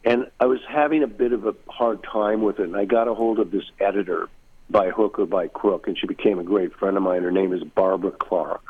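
A man's voice: deep voice, fairly even intonation, a little fast, breathy edge. A man being interviewed about his book, speaking in a reflective, musing way with many asides over a remote line. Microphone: remote line from far away. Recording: tinny phone-like line.

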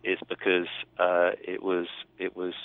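A man's voice: low-pitched, monotone, unhurried, no echo. A man, a film director, talking about his film in a casual interview, thoughtful and rambling with restarts. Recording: tinny phone line.

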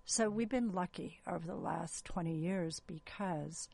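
A woman gynecologist speaks as an interview guest, explaining in an earnest way. Her voice is low and very gravelly, with a husky edge. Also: unhurried, darkish tone.

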